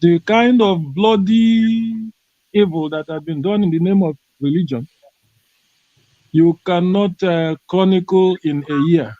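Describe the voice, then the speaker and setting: A man speaking on a video call in an online discussion, emphatic and deliberate, with frequent fillers. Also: high-pitched, dark tone, dry recording, highs cut off. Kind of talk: impassioned call-in commentary.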